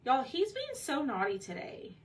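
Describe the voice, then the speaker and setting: Her voice sits high and swoops wildly in pitch at a moderate pace. As a craft painting host running a casual live painting session, she chats, thinks aloud as she works, and asks viewers for their opinions, recorded on a slightly distant mic with faint background noise.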